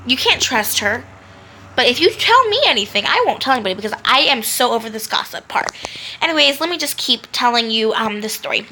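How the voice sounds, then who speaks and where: A woman's voice: on the high side, lively intonation, brisk, pushed and bright, a little hiss or hum, poor audio. Bubbly woman, gossipy chatter. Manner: chatty, gossipy, valley-girl rambling. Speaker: comedy sketch creator. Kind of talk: comic character monologue.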